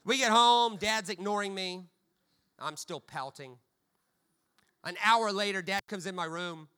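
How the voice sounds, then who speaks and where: A man preaches a sermon in a high-pitched voice. His tone is bright and sharp. He leans on humorous storytelling and often repeats words as he stammers. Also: a little slow, pauses often, clean tone.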